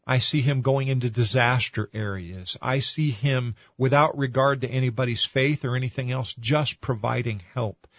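A man's voice: mid-range voice, moderate pace, hardly any pauses, no room sound, lo-fi sound. A man hosting a radio interview, speaking with feeling and asking his guest questions. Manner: emotional, moved to tears. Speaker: radio host.

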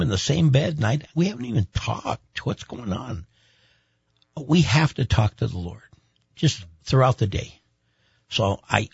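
A man's voice: mid-range voice, gravelly, darkish tone, husky, no room sound, highs cut off. A man who is a pastor gives an emphatic, preacher-like testimony in an interview, repeating words for weight.

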